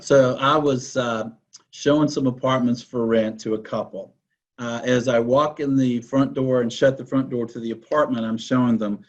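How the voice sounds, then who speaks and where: On a muffled recording, a man with a mid-range voice, a real estate broker guesting on a podcast, tells stories in conversational interview style. He's assertive and keeps explaining himself with a rhetorical "right?"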